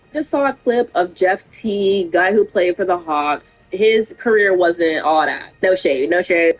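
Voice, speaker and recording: A woman's voice: mid-range voice, rough recording. Exasperated woman venting casually. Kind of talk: casual opinion clip.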